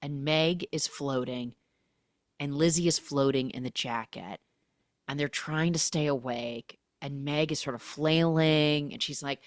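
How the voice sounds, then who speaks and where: A woman's voice: low voice, fairly even intonation, unhurried, no echo, studio quality. A woman hosting a podcast, animatedly recapping a film, acting out the characters' lines and humming the score.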